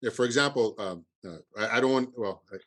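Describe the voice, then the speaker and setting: A man with a Cuban accent, a festival producer, talking in a halting podcast interview with many restarts and fillers. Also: mid-range voice, fairly bright tone.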